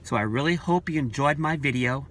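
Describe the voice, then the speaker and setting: A man's voice: medium pitch, fairly quick, a bit bright. Earnest man preaching to camera. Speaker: vlogger. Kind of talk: casual opinion vlog.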